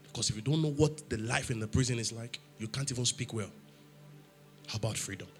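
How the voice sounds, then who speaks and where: A man's voice: medium pitch, fairly quick, soft background music. A man preaching a sermon in church, emphatic, asking the congregation questions for them to answer. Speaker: pastor.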